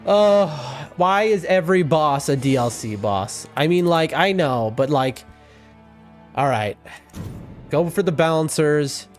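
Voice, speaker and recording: Male streamer, slightly high voice, very animated, rambling chat over faint game music. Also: measured pace. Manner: rambling, excitable, chatting with viewers. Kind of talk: casual live-stream chat.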